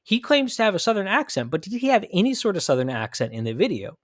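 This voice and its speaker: Animated, emphatic American man podcasting. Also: high-pitched, fast talker, no echo. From United States. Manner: emphatic, argumentative, thinks aloud with restarts. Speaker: podcast host. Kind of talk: opinion commentary podcast.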